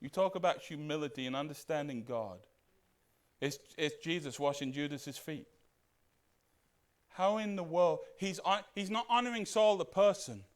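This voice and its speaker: A pastor preaches a sermon animatedly, putting questions to the congregation. His voice is on the high side, at normal speed.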